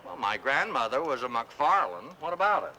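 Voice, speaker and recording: A man's voice: medium pitch, big pitch swings, moderate pace, pushed and bright, slight background noise, poor audio. An actor voicing a fussy, grumpy older male neighbor in a cartoon, blustery and exasperated. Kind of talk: cartoon voice acting.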